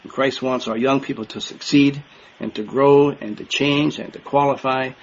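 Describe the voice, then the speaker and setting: A man's voice: mid-range voice, fairly even intonation, normal speed, creaky, dull audio. An older man giving an earnest, emphatic sermon to a congregation, repeating key words for stress. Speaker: minister.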